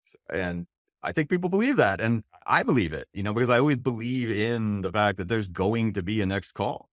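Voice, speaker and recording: Deep-voiced man hosting a podcast. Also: expressive, brisk, no echo, studio quality. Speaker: podcast host. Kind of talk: conversational interview.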